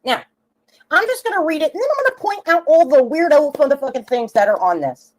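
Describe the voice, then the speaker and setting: A woman's voice: sits high, big pitch swings, brisk, rough recording. A young woman ranting on her livestream, brash and profane, laughing and mocking as she goes. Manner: brash, swearing, laughing, sarcastic. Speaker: livestream host.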